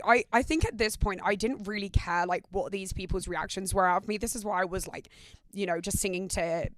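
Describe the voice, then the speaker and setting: A woman's voice: mid-range voice, dry recording. Young British woman podcast host, candid and profane, chatty rambling delivery, mid-range voice. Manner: candid, sweary, heavy use of "like". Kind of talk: casual storytelling chat.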